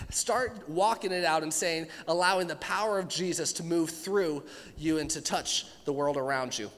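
A man's voice: high-pitched, moderate pace, a bit bright, big-room sound, a little hiss or hum. A man preaching a sermon in an earnest, conversational way, acting out quotes and questions. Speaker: pastor.

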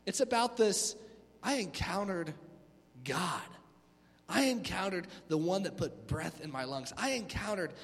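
A man preaching an energetic, conversational youth sermon in a church hall, acting out little voices. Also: high voice. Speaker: youth pastor. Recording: long hall reverb.

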